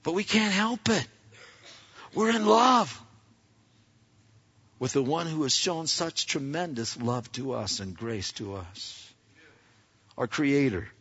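A male pastor preaching a lively sermon, acting out scenes and firing questions at his congregation. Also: a little high, slow, pauses often, slightly rough. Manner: animated, acts out scenes, asks the audience questions. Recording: echoey hall, dull lo-fi sound.

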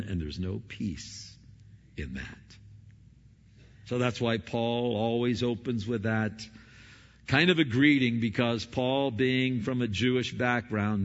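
A gravelly-voiced man delivers a sermon, rising into loud emphatic stretches and dropping into quiet, low asides. His voice rings with a long hall reverb, and the recording sounds dull and muffled. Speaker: pastor.

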